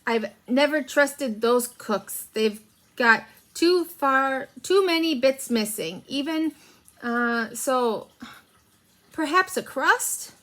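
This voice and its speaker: A spoiled, childish emperor whines in a high, reedy voice, as a woman reads him aloud. He frets and hesitates, unsure of himself, in the manner of a storybook ruler. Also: lively intonation, slow, fairly bright tone, heavily acted. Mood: fretful. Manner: whining, uncertain. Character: whiny, fearful male emperor, petty and childish.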